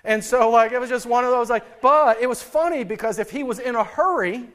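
A man's voice: extremely high pitch, fairly quick, a bit bright. A middle-aged man, a pastor, preaching a sermon in a folksy, storytelling way and chuckling at his own anecdotes.

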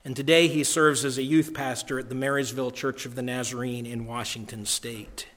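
A man preaching a sermon to his congregation, emphatic, repeating key phrases and swinging from loud declarations to hushed lines. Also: medium pitch, little pitch movement, a little fast. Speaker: pastor.

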